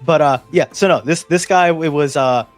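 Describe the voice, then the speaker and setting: A man's voice: a little high, moderate pace, soft background music. A man hosting a casual chat, telling a long story with many restarts and fillers. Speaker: podcast host.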